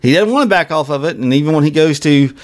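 A man's voice: a little high, expressive, fast talker. A man co-hosting a podcast in a casual chat about a TV episode, often stumbling and repeating words as he restarts his sentences. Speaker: podcast co-host.

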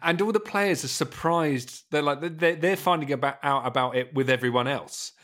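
A man's voice: fairly high pitch, moderate pace, fairly bright tone. Laughing man recapping a film. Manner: recounts plot scenes, often laughing. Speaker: podcast co-host. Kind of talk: casual film review chat.

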